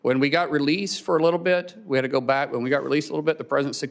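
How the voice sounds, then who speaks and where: A man testifying at a hearing, telling a personal story in a halting way, repeating words and choking up. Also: a little high, fairly even intonation, vocal fry. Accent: Oklahoma. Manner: halting, repeats words, chokes up when emotional. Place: hearing room.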